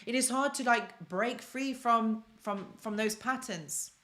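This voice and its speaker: A woman's voice: on the high side, unhurried, fairly bright tone. A young woman from London hosts a casual self-help live stream, chatting and repeating phrases for emphasis while she answers viewer comments.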